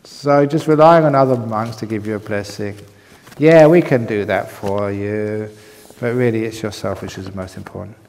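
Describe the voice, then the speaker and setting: A man's voice: fairly low pitch, moderate pace, darkish tone, big-room sound, slight background noise. A man teaching at a meditation retreat, answering questions in a humorous, playful way and laughing often. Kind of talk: dharma talk answering questions. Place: retreat hall with long reverb.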